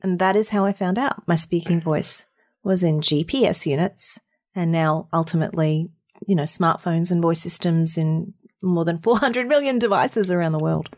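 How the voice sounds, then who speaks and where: A woman's voice: fairly low pitch, moderate pace. Australian woman telling a story. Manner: animated, laughing, acts out quotes. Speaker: guest, voiceover artist and singer. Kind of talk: conversational storytelling.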